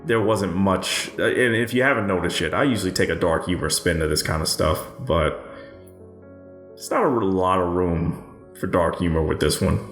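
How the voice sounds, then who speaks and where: Sardonic, profane man with a low voice. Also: moderate pace, fairly bright tone. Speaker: history narrator. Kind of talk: casual history narration with crude dark humor. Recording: roomy echo with faint music.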